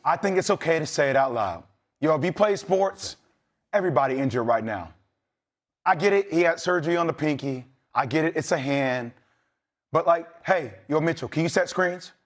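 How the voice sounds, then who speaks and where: A man's voice: fairly high pitch, lively intonation, moderate pace. A man who is a former player talking sports as a guest, blunt and streetwise, building into impassioned rants.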